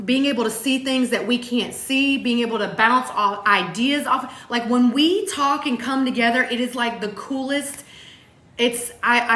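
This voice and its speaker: Her voice is somewhat high and a bit bright as she co-hosts a motivational talk show with heartfelt, earnest chat. She's emphatic, repeats herself to drive points home and swears casually now and then, all in a roomy, echoey space.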